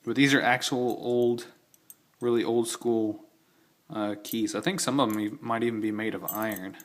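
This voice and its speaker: A young man's mid-range voice, at moderate pace, carries this casual show-and-tell vlog about his collection of old-style knives and keys. He drifts as he talks, corrects himself and adds excited asides.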